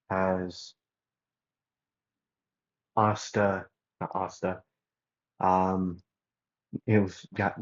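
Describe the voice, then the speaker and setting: A man casually narrating a fan-made story, rambling with many fillers and self-corrections, on a dull lo-fi recording. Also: sits low.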